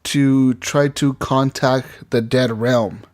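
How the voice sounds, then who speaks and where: A man's voice: medium pitch, steady tone, slow pace. A man co-hosting a gaming podcast, chatting casually and animatedly, swearing often and acting out bits of game dialogue. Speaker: podcast co-host.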